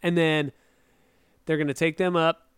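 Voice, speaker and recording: Man, podcast co-host, casual chat, rambling, laughs a lot, slightly high voice, dry close mic. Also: level tone, a little slow, clean tone, dry recording. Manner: rambling, laughs often, acts out quoted lines.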